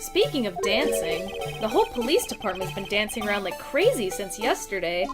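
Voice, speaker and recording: A woman's voice: mid-range voice, sing-song, normal speed, few pauses, music in the background. A young woman streaming a video game late at night, chatting casually with a playful, self-deprecating manner.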